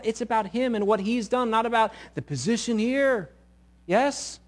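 A middle-aged male pastor preaching a sermon, animated and sometimes acting out quoted voices loudly. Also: extremely high pitch, normal speed.

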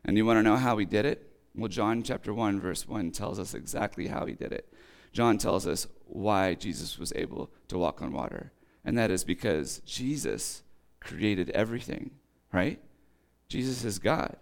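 Casual preacher man with a rough voice. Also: lowish voice, animated, normal speed. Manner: casual and chatty, rereads scripture then explains with asides and quips. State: voice acting up, slightly rough. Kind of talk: conversational sermon.

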